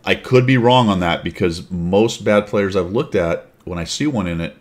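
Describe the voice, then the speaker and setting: Male host, very deep voice, loose rambling chat delivery. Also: normal speed. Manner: rambling, thinking aloud. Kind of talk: casual chat.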